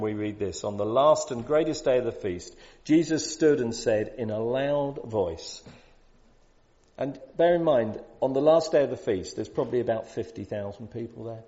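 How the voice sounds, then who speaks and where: A man preaching a sermon in a conversational way, building to loud, emphatic peaks. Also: medium pitch. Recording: dull lo-fi sound.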